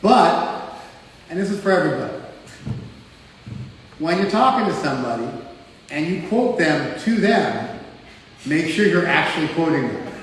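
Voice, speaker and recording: Animated and fairly bright, this somewhat high male voice with an American accent keeps a normal speed but pauses often. The spiritual teacher jokes and teases a live class conversationally, using "like" frequently, while a far mic in an echoey hall picks up slight background noise.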